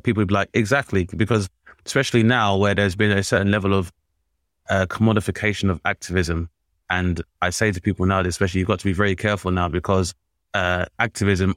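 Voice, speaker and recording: A man hosting a podcast, earnest and deliberate, using long abstract words. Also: low-pitched, dry recording, studio quality. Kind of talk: casual podcast conversation.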